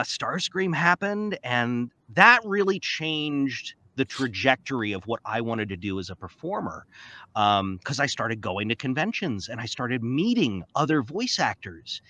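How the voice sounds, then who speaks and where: A man in his forties, a voice actor guest, telling stories in a casual interview with an excitable, animated manner. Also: mid-range voice, a little slow, dry recording. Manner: animated, excitable, often slips into playful character voices.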